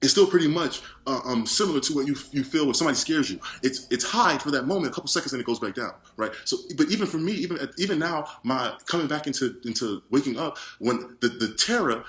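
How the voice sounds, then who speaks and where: Man telling his own testimony, quick delivery, frantic and full of restarts. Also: mid-range voice, expressive, a bit bright. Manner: frantic, rambling, many restarts and repeated words. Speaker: witness giving a testimony. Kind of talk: personal testimony monologue.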